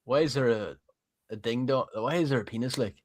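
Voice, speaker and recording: A man's voice: mid-range voice, brisk, no room sound, studio quality. A man co-hosting a live stream, chatting bluntly with casual swearing and short reactions. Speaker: co-host. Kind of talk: casual chat.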